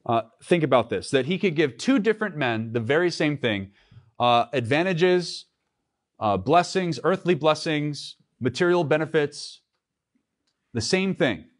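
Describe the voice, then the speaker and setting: A man's voice: fairly high pitch, animated, measured pace. Man preaching an earnest sermon. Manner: earnest preaching with restarts, reads scripture aloud. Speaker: pastor. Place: church.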